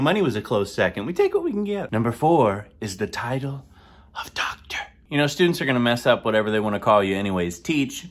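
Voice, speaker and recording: A man hosting a comedic sponsored countdown, talking playfully with sudden whispered asides. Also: mid-range voice. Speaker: comedian host of a sponsored segment.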